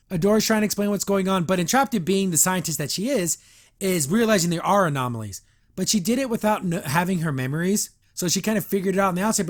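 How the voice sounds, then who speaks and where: Reviewer: man with a high-pitched voice, casual and sarcastic, recapping an episode. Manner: sarcastic, rambling asides. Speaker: show reviewer. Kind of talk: casual reaction commentary.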